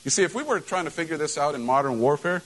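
A middle-aged male pastor preaching a sermon, animated, repeating phrases and asking rhetorical questions. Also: fairly high pitch, fast, rough recording.

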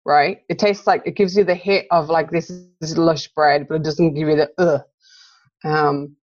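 Low-voiced woman guest on muffled audio. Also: steady tone, unhurried, darkish tone, soft background music. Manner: friendly, rambling, laughs easily. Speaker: podcast guest. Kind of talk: casual interview chat.

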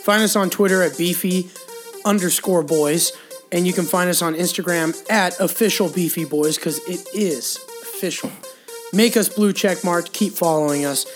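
A woman's voice: lowish voice, normal speed, faint music behind. A woman reading a playful, sultry promo and mock beer ad for a podcast. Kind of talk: mock beer ad read over music.

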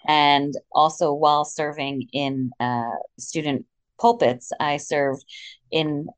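Low-voiced woman rabbi in chat. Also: fairly even intonation, takes it slowly, no echo. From Philadelphia suburbs. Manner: warm, chatty storytelling with frequent fillers. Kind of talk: conversational interview.

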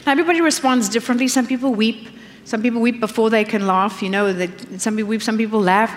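Animated woman preaching in a reverberant hall. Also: fairly high pitch, fast talker, slight background noise. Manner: animated, acts out quoted voices. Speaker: pastor. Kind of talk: sermon.

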